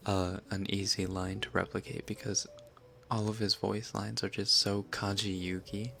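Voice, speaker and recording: A woman chatting casually on a live stream, answering her chat in a soft, giggly, rambling way with lots of fillers. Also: extremely low pitch, level tone, measured pace, gravelly.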